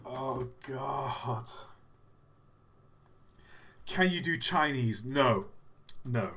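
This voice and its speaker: Streamer guy, joking with chat, bright and lively. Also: mid-range voice, extremely slow, pauses often, husky. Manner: joking, self-mocking. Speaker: livestream host. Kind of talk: casual live-stream chat.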